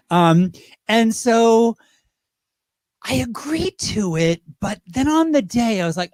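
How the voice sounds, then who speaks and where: A man's voice: sits high, normal speed, dry recording, clean studio sound. A man who performs drag and impersonations, telling stories in a casual interview and slipping into voices. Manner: chatty storyteller, lively, slips into voices.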